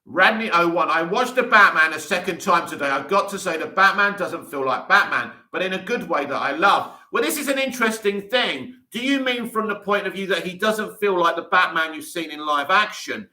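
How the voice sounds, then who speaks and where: Casting note: male livestream host, keen and chatty, bright forceful voice, slightly high, roomy echo. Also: moderate pace, few pauses. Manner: enthusiastic, talks in restarts and asides. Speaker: livestream host reading viewer comments. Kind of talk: casual live chat. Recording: echoey room.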